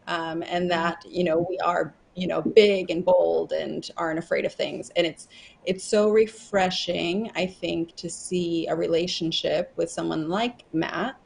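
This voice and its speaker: Low, gravelly woman on a panel. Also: steady tone, measured pace. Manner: affirming, chatty. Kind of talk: panel discussion.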